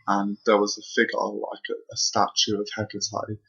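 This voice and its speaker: Creaky, husky young man rambling. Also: on the low side, completely flat delivery, moderate pace, fairly bright tone. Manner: breathless, rambling, full of fillers. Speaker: vlogger. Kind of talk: casual storytelling to camera. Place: bedroom at home. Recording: dull lo-fi home recording.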